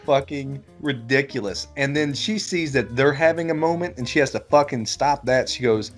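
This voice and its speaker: A man's voice: medium pitch, moderate pace, few pauses, soft background music. A man co-hosting a casual beer-and-movie podcast, swearing freely and acting out scenes as he recaps them. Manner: animated, swears a lot, acts out scenes with laughs. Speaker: podcast co-host. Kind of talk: casual movie chat over beers.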